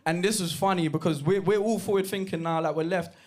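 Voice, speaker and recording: A man performing a lively stand-up set, telling stories with shouted impressions. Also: sits high, a little fast. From Jamaican heritage, East London. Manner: animated storytelling with bursts of shouted impressions. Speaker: stand-up comedian. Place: comedy club stage. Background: audience laughter.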